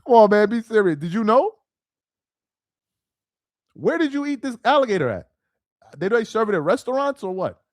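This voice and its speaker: A man's voice: high voice, sing-song, normal speed, long pauses, no room sound. A man hosting a casual live stream, chatting animatedly and reacting to viewer comments. He laughs easily and often repeats himself. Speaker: live stream host reading viewer chat.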